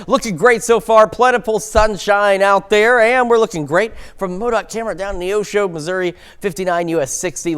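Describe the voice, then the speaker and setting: A man's voice: sits high, smooth. A man anchoring a local morning newscast and giving the weather forecast, chatty and upbeat, with the odd stumble.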